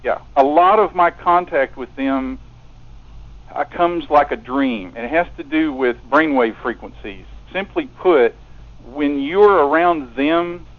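Earnest male radio guest with a stammering delivery, heard over a thin phone line. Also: on the high side. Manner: earnest, stammers and repeats words. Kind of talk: casual phone conversation. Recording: narrow telephone line.

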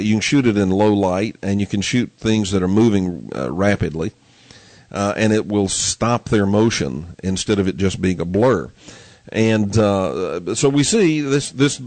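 Radio host guy, lowish voice, slow and rambly, dry close mic. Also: darkish tone, no echo. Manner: unhurried, many fillers and restarts. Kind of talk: call-in radio talk.

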